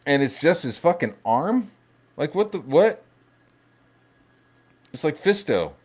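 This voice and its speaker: A man hosting a casual live stream, ranting in a profane, rambling, animated way. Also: on the high side, takes it slowly, slightly rough. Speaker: livestream host.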